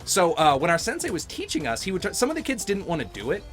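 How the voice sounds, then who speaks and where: A man's voice: high-pitched, wildly swooping pitch, fast, soft background music. A middle-aged man chatting casually while playing a video game, telling rambling stories and laughing often. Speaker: gaming host. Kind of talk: casual let's-play chat.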